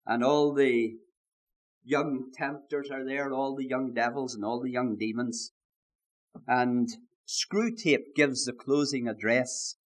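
Fervent preacher man shouting at climaxes. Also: mid-range voice. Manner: drawn-out emphatic words and strings of rhetorical questions. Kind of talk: sermon. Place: church service.

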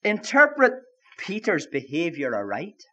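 A man's voice: fairly high pitch, huge pitch swings, measured pace, sharp tone, muffled recording. A man preaching a sermon with emphasis, repeating his key phrases.

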